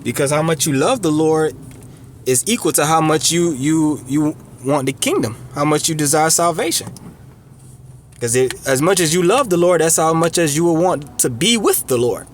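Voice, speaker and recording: A man's voice: fairly high pitch, slight background noise. A man preaching an earnest, conversational sermon who repeats himself and checks in with his listeners.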